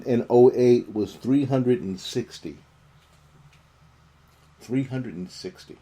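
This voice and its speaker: A man hosting casual live commentary, talking haltingly with many ums and restarts. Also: fairly low pitch, darkish tone.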